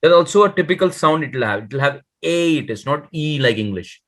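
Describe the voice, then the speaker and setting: A man teaching a beginner Dutch lesson over a video call, patient, and sounding out words very slowly. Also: fairly high pitch, expressive, fairly bright tone. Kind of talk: online one-to-one language lesson.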